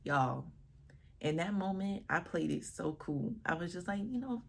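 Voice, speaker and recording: A woman with a low, husky voice and a gravelly edge tells a casual storytime vlog about officiating a wedding. She is animated and expressive, acting out what people said to her. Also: a little slow.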